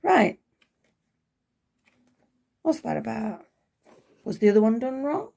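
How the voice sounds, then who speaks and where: Uk lady doing a toy unboxing, chatty and excited, bit of fry in her voice. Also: on the high side, slow. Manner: chatty, thinking aloud, small excited gasps. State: losing her voice. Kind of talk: unboxing review.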